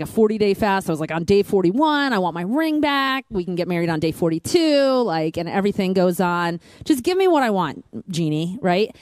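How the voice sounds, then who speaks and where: A woman's voice: a little mellow, smooth, no room sound. Earnest woman telling her testimony. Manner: earnest, says "like" often, voice rises high with emotion. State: near tears. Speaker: guest, future church planter. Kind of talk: personal testimony.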